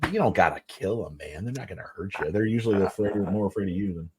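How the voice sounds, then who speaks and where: A man with a somewhat low voice rambles through easygoing, profane stories on a podcast. He talks in a relaxed way. He is recording in a basement. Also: fast talker. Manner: rambling, profane, laid-back storyteller. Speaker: podcast co-host. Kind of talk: casual chat.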